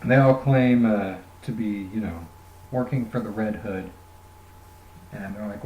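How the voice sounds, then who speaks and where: A man's voice: on the low side, measured pace, pauses often, a little mellow. Rambling man reviewing comics, roomy echo. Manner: rambling, jokey, many fillers. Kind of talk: casual spoken review. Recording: roomy echoey room.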